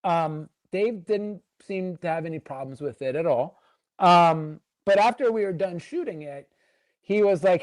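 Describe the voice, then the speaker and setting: A man's voice: high voice, unhurried, dry recording. A man as a podcast guest, telling a long backstage story in a rambling, filler-heavy way and acting out what others said. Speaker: podcast guest, former wrestling writer. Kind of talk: casual storytelling interview.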